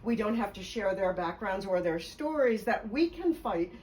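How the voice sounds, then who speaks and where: A woman's voice: mid-range voice, lively intonation, normal speed, a little mellow, distant mic, low-quality recording. Articulate woman telling stories, off-mic. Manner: fluent, emphatic, laughs along. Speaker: biographer. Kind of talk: conversational storytelling interview.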